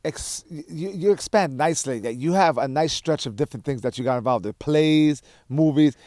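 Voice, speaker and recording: Male host, slightly high-set voice, relaxed and profane, dry close mic. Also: normal speed, no room sound. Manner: loose, profane, trailing off. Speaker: podcast host. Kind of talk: casual chat.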